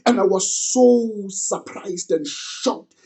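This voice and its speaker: A man's voice: high voice, slow, a little mellow. A young man earnestly retelling an old story in the first person, as if he lived it.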